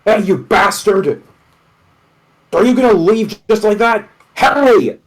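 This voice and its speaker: Man doing a confrontational teen bruiser; husky, swinging pitch, fan-dub energy. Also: expressive, takes it slowly, exaggerated voice, rough recording. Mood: furious. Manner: shouting, confrontational. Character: hot-headed young male student brawler.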